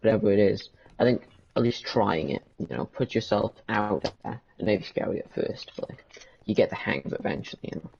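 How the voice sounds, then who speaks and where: A man's voice: on the low side, animated, fairly quick, gravelly, a little mellow, highs cut off, slight background noise. A man who streams roleplay games, chatting casually and teasing his friends in a rambling way. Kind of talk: casual chat.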